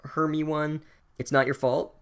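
A man's voice: fairly high pitch, level tone, unhurried, clean tone. A young man giving a sarcastic, profane comedic book recap with wry asides. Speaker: podcast host reviewing a book.

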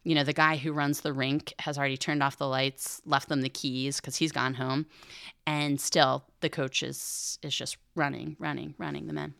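A woman's voice: low voice, level tone, normal speed, creaky, fairly bright tone, no room sound, studio quality. A woman hosting a Catholic teaching podcast, earnestly retelling a film scene to explain a point and thinking aloud with frequent restarts. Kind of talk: conversational teaching reflection.

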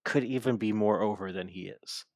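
Brief: low-voiced guy, casual co-host, excitable storyteller, dry close mic. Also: moderate pace, dry recording. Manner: excited storyteller, swears freely, acts out quotes. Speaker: podcast co-host. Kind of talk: casual wrestling chat.

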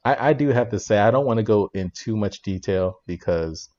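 Man, lowish voice, chatty movie-review co-host, laughs a lot, dull lo-fi sound. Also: moderate pace. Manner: animated, laughing retelling with restarts. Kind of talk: casual movie review chat.

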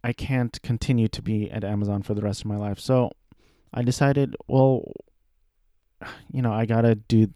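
Low, dark-voiced man rambling casually. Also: fairly even intonation, no room sound, studio quality. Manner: rambling, self-deprecating, halting with restarts. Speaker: aspiring voice actor. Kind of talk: casual personal monologue.

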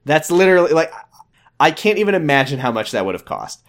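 Guy recapping a tv show on a podcast, swears a lot, voice jumps around. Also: a little high. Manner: animated, profane, retells scenes doing quick voices. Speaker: podcast co-host. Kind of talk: casual recap chat.

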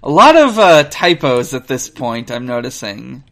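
A man's voice: medium pitch, big pitch swings, a little slow, a bit bright. A man hosting a casual read-through of a gamebook with wry asides. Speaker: host reading a gamebook. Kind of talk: casual reading aloud and chat.

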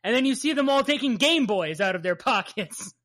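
A man's voice: extremely high pitch, animated, normal speed, a bit bright. A man from New Jersey with a Jersey accent, co-hosting a casual recap podcast, rambling and swearing as he laughs along. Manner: profane, rambling, laughs often. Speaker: podcast co-host.

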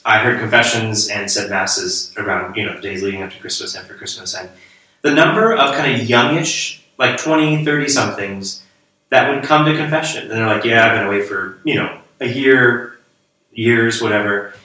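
A man's voice: on the low side, normal speed, sharp tone. A man, a priest, telling anecdotes in casual conversation and laughing as he goes. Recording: echoey room, distant mic.

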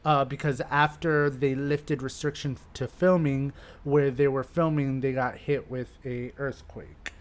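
A podcast co-host chatting casually, animated, often restarting sentences. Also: mid-range voice, measured pace. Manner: animated, restarts sentences, reads quotes aloud. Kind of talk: casual chat.

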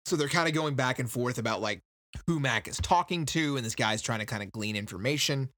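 A man co-hosting a podcast, recapping a book in casual chat and slipping into quick voices for the characters. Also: medium pitch, lively intonation, a bit bright, dry recording, studio quality. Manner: loose, joking, quotes characters in quick impressions.

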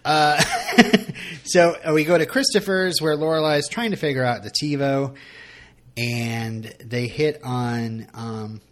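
A man's voice: medium pitch, unhurried. A young man co-hosting a podcast in casual chat, rambling and joking at his own expense, with lots of fillers and restarts. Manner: rambling, self-mocking, full of fillers and restarts. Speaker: podcast co-host.

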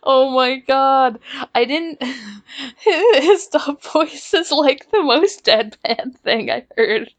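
A woman's voice: high-pitched, lively intonation, very slow. A woman co-hosting a casual podcast, recapping an anime episode in a laid-back way with fillers, laughs and swearing. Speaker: podcast co-host.

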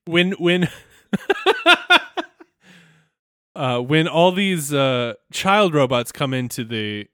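A man's voice: mid-range voice, a bit bright, no room sound, clean studio sound. A man co-hosting a podcast, telling the plot of a cartoon in an agreeable, chuckling way with loose fillers. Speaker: podcast co-host. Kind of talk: casual chat recapping a cartoon episode.

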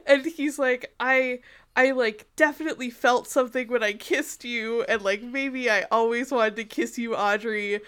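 A woman co-hosting a podcast who gives a fast, animated recap of a TV episode, laughing and saying "like" a lot. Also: a little high, clean tone. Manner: animated retelling, heavy use of 'like', frequent laughter. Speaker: podcast co-host.

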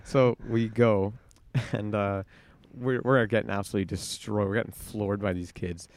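A man co-hosting a podcast, chatting casually with friends and telling animated stories between laughs. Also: fairly low pitch, normal speed, no echo. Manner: animated storyteller, laughs often. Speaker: podcast co-host. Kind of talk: casual chat among friends.

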